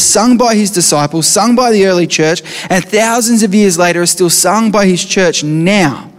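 A man preaching a sermon, earnestly explaining scripture and reading passages aloud. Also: high-pitched. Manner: earnest, reads scripture aloud with rising intensity. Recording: reverberant hall.

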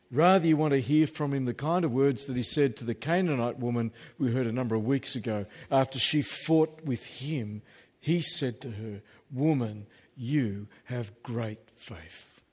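A man's voice: medium pitch, measured pace, a little mellow, husky. A man preaching a sermon as pastor, emphatic and peppered with humorous asides. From Australia. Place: church hall. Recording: reverberant church hall.

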